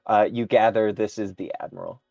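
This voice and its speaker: Male game master, mid-pitched, halting improvised narration over dull, dry lo-fi stream audio. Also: huge pitch swings, creaky, a little mellow, no echo, faint music behind.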